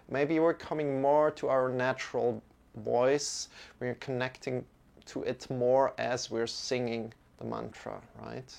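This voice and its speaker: A male mantra teacher gives a live-streamed lesson in an unhurried, clear and smooth voice. He talks in a casual, chatty way and drifts through plenty of fillers. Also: mid-range voice, steady tone, a little mellow.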